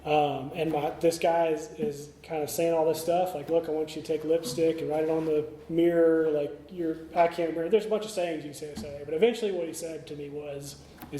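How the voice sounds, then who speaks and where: A man's voice: fairly high pitch, warm tone, a little hiss or hum. Man telling his story in an echoey room. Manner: candid storytelling with many fillers and restarts. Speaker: AA speaker. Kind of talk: recovery talk. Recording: echoey meeting room, faint ambience.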